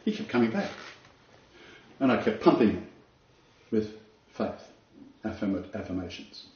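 Preacher with a roomy, dull sound. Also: male voice, on the low side, lively intonation, measured pace, darkish tone. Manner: dramatic storytelling, repeats phrases for emphasis. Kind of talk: sermon.

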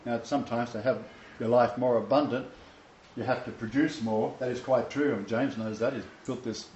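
A man preaching informally to a small group, quoting scripture with emphatic, animated delivery and frequent restarts. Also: mid-range voice, moderate pace, slight background noise. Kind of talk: informal home-group sermon. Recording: roomy, dull lo-fi room recording.

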